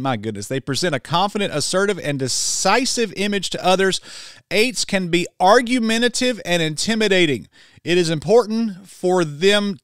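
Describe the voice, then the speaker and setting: Man, online preacher, emphatic, scolding, fairly high voice, dry close sound. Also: smooth, dry recording. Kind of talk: preaching commentary, reading a web page aloud.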